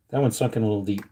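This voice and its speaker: A man with a lowish, dark-toned voice, carrying a faint hiss or hum, hosts a casual livestream while reloading ammunition. He jokes with viewers, chats freely, reads the chat out loud, and slips into silly voices as he works.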